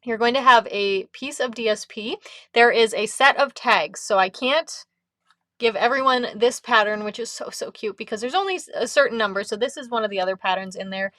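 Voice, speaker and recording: A woman's voice: on the high side, fairly quick, pushed and bright, dry recording, studio quality. A woman leading a live card-making class, chatty and upbeat, often breaking into giggles. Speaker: craft instructor.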